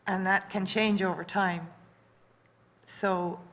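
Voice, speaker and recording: A woman on a panel speaking in a reflective, measured way. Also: medium pitch, fairly even intonation, a bit bright. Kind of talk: panel discussion.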